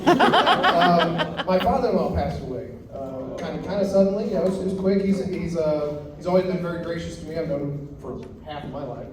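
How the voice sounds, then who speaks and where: A man doing stand-up in a comedy club, telling stories deadpan with quick acted quotes. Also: on the high side. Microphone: handheld stage mic. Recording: echoey club from far off, crowd. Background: audience laughing.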